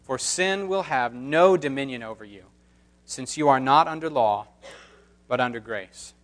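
A man's voice: medium pitch, unhurried. A man pastor reading scripture and preaching a sermon with emphatic, impassioned delivery.

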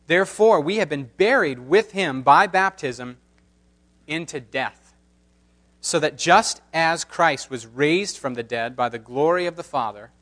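A man's voice: fairly high pitch, fairly bright tone. Emphatic male pastor preaching. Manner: emphatic, rising to impassioned. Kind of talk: sermon with scripture reading.

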